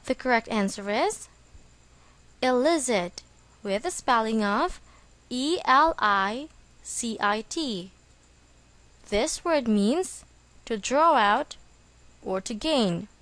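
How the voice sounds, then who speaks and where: A woman reading a scripted English vocabulary lesson, slow and deliberate, spelling words out letter by letter. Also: fairly high pitch, lively intonation, fairly bright tone, no room sound. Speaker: English teacher.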